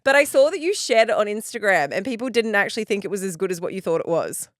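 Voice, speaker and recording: Woman, mid-pitched voice, dry close sound, teasing podcast co-host. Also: expressive, no echo. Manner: teasing, quick interjections. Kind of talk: casual chat.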